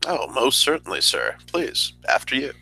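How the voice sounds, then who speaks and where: A man voicing a formal, soft-spoken hired enforcer in a tabletop game, speaking slowly and courteously. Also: medium pitch, wildly swooping pitch, gravelly, exaggerated voice, low-quality recording. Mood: measured. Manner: slow, deliberate, courtly.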